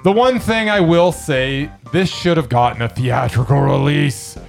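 A young adult man co-hosting a casual movie review chat, talking in a laid-back, dry, measured way. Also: a little high, creaky, faint music behind. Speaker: podcast co-host.

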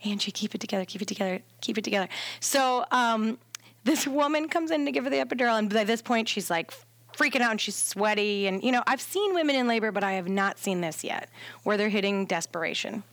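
Animated woman telling a story. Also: a little high, fairly quick, no room sound. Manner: animated, acts out quotes with laughs. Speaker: doula, podcast guest. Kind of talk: casual storytelling.

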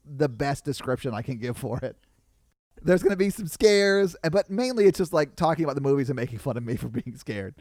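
A young man chatting casually as a podcast guest, telling animated stories and laughing often. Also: mid-range voice, no echo, clean studio sound. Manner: animated storyteller, laughs often, yells in punchlines. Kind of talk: casual chat.

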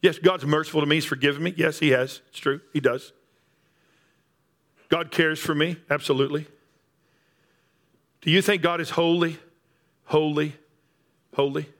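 A man's voice: a little high, steady tone, normal speed, pauses often, a bit bright. A man preaching a sermon, emphatic and repetitive, building up on key phrases. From Texas Panhandle. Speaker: pastor.

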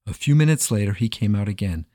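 A man narrating a folk tale in an expressive, dramatic storytelling manner. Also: on the low side, fast, dry recording, clean studio sound.

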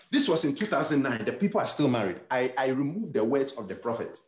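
A man's voice: mid-range voice, animated, brisk, few pauses, roomy sound. A male pastor preaching a sermon, telling stories and acting out the dialogue, with many repeated words and restarts. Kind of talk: sermon storytelling.

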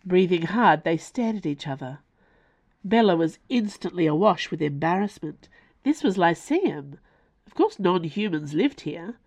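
Low, expressive woman narrator. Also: a little slow, no echo. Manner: expressive, wry storytelling. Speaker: author and narrator. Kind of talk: audiobook narration.

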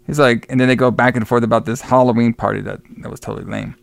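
A man's voice: mid-range voice, steady tone, quick pace, gravelly, dry recording. A man co-hosting a podcast, casually recapping a horror film's plot in a rambling way, often restarting his words. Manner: rambling, repeats and restarts words while recounting scenes. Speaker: podcast co-host reviewing a horror film.

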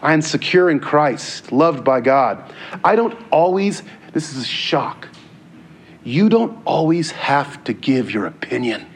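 Earnest, fairly high-voiced male preacher. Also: expressive, a little slow, a little hiss or hum. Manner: earnest, conversational preaching with repeated words. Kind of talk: sermon.

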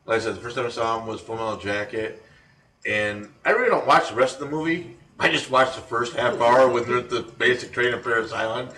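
A man co-hosts a casual chat, rambling along with ums and restarts. His voice is bright and forward. He sounds a bit off the mic in an echoey room. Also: mid-range voice, fast, far from the mic. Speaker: podcast co-host.

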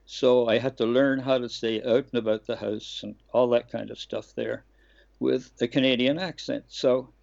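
An older man from Australia, a voice actor telling lively stories in an interview and laughing now and then. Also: medium pitch, moderate pace, gravelly. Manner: lively storyteller, laughs and acts out quotes. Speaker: guest voice actor. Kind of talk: anecdotal interview chat. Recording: dull lo-fi remote line.

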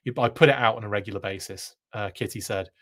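A man's voice: fairly low pitch, quick pace, a bit bright. A man hosting a live stream, reading chat comments aloud in a casual, self-deprecating way with frequent laughs.

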